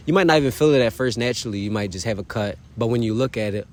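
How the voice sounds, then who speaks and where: Man, lower register, talking straight to camera like a pep talk to a friend; loose, slangy, sincere. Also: fast talker. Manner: loose slangy delivery, says "bro" and "you feel me" often; earnest, encouraging. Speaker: vlogger. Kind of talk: casual motivational self-talk.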